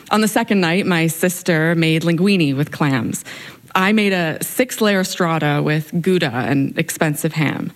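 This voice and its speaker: A young woman with a notably low voice tells a personal story live on stage. Her delivery is wry and expressive, shifting lightly as she goes. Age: young adult. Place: stage before an audience.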